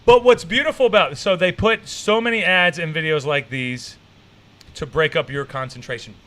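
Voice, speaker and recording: Excitable high-voiced man reacting on stream. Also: moderate pace. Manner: excitable, profane, rambling. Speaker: streamer host. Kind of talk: casual reaction commentary.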